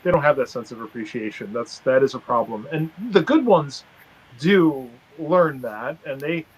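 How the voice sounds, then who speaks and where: A man's voice: medium pitch, lively intonation, normal speed, husky, low-quality recording. A man speaking earnestly in a casual interview, often tagging his points with "right?". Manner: earnest, tags statements with "right?".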